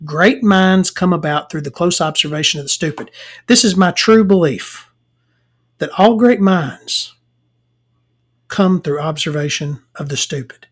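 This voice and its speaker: A Southern US woman vlogs to camera, ranting casually and laughing as she tells blunt, profane stories about work. Her voice is deep and a little slow, with a breathy edge.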